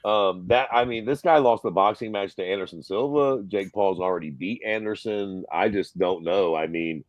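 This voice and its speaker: Male podcast host, animated profane ranting, dry close recording. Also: fairly low pitch, normal speed, no room sound, dull audio. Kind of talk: casual chat.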